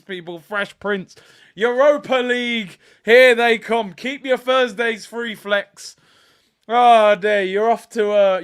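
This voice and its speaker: A man hosting a live football watchalong, bantering and trolling rival fans, bursting into shouts at big moments. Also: very high voice, clean tone.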